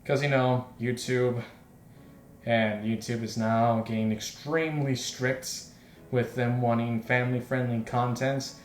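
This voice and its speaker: A man's voice: medium pitch, fairly even intonation, measured pace. A man hosting a let's play, reading the story aloud and rambling in chatty asides. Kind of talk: casual game commentary and reading. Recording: echoey room with faint noise.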